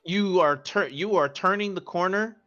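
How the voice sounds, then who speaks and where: A man narrating as game master of an online tabletop game, halting and restarting his phrases. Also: high voice, a bit bright, highs cut off.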